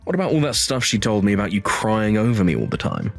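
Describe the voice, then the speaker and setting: A man's voice: lowish voice, wildly swooping pitch, quick pace, gravelly, soft background music, heavily acted. A man playing a smug cheating ex-husband. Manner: smug, mocking, chuckling. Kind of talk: dramatized story voice acting.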